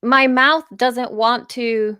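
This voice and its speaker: Bright-voiced woman podcast co-host. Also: on the high side, slow pace, clear, resonant tone, no echo, studio quality. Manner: animated, storytelling. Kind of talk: casual chat.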